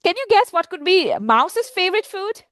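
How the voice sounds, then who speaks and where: Lively, high-voiced storyteller woman. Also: fairly quick, dry recording. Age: middle-aged. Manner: playful, voices many characters, asks children questions. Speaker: children's storyteller. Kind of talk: animated storytelling to children.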